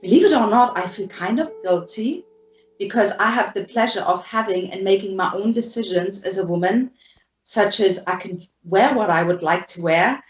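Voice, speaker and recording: A woman from Germany talks earnestly as an interview guest, often repeating words. Her voice sits at an ordinary middle pitch. The room is echoey and faint music plays underneath. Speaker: guest filmmaker. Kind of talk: video interview.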